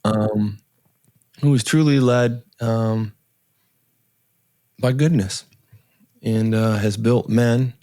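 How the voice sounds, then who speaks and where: A man in his sixties, a podcast guest, telling a personal story in an earnest, halting way with many restarts and pauses. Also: fairly low pitch, fairly even intonation, dark tone, no room sound, studio quality. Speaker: podcast guest, author and entrepreneur.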